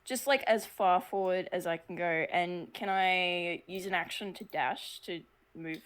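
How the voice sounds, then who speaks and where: A woman's voice: lowish voice, measured pace, fairly bright tone, clear, resonant tone. A woman playing in a tabletop game, chatting casually and hesitantly with many "um" and "like" fillers. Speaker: player.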